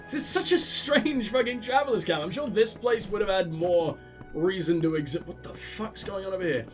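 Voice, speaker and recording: A high-voiced man riffing through a let's play, sarcastic and swearing freely as he mocks the characters he meets. His commentary is loose and animated. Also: normal speed, soft background music. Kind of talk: casual gameplay commentary.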